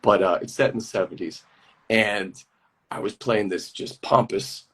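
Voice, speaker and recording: Husky-voiced man telling rambling stories. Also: lowish voice, unhurried. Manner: rambling animated storyteller who laughs easily. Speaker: guest actor. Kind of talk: casual interview chat. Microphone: video call.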